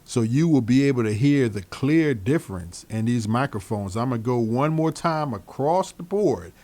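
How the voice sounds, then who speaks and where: A man's voice: mid-range voice, normal speed. A man casually reviewing microphones he switches between, repeating himself and speaking straight to his viewers. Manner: relaxed, repeats phrases, talks straight to viewers. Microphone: studio microphones he switches between.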